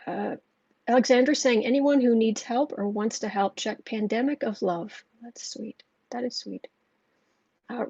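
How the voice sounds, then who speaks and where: A woman's voice: a little high, a little mellow, no echo. A woman hosting a live tarot reading stream. She reads viewer comments aloud and talks in an emotional, rambling way with many restarts. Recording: dull, lo-fi sound.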